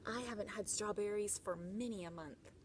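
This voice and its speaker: Woman doing a patient, gentle wife. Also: mid-range voice, moderate pace, slight background noise, natural voice.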